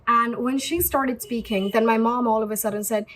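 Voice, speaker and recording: Husky young woman teaching English. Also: on the high side, fairly even intonation, moderate pace, a bit bright, rough recording. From India. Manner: chatty, repeats points, many fillers. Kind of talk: casual spoken lesson to camera.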